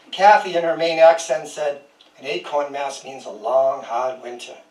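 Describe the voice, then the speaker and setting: A man's voice: medium pitch, steady tone, unhurried, darkish tone. Older man reading his poems in a roomy space. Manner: dry humor, chuckles between poems. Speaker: guest poet. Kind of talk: poetry reading with casual asides. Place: small historic house, indoors. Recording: roomy sound from a distant mic.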